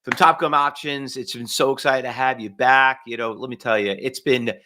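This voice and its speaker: Male host, bright voice, loose rambling delivery, lots of you-knows. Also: mid-range voice, fairly even intonation, normal speed, slight background noise. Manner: rambling, many fillers, repeated you know. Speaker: podcast host. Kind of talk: casual podcast chat.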